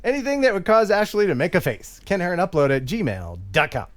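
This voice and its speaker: A man's voice: high voice, huge pitch swings, a little fast. A man hosting a casual live stream, teasing his co-host with playful, laughing banter.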